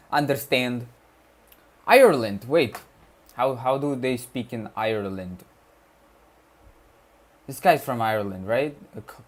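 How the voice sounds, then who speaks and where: A young man from Kerala, India, whose first language is Malayalam, chatting casually on a study livestream and reading chat messages aloud with slang. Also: fairly low pitch. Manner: slow, laid-back, reads chat aloud with slang.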